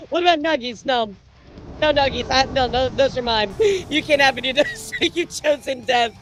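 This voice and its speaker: A woman streaming live, chatting casually with viewers in an excitable way, laughing, swearing and stammering through repeats. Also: sits high, normal speed, a little hiss or hum, poor audio. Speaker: livestreamer. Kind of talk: casual livestream chat with viewers.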